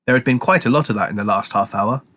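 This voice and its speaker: A man's voice: fairly low pitch, quick pace, sharp tone. A man narrating a children's chapter book aloud as a teacher, telling the story expressively.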